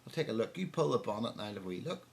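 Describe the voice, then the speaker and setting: A Northern Irish man voicing a cheeky old rural storyteller in a raised, excited way. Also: on the low side, racing, vocal fry, pitched above the performer's own voice. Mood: boastful yarning.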